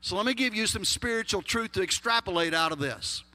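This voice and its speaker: Animated and forceful, this pastor with a Texan accent speaks a little fast in a high, bright voice while preaching. His sermon is folksy and emphatic, peppered with humor, and a long reverb trails through the hall.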